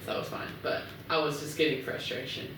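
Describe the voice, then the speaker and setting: A woman's voice: sits low, fast, creaky, a bit bright, distant mic, slight background noise. A woman podcast guest chatting casually and expressively, trailing off and laughing at herself. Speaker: podcast guest, pro volleyball player. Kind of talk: casual chat. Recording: echoey room, away from the mic.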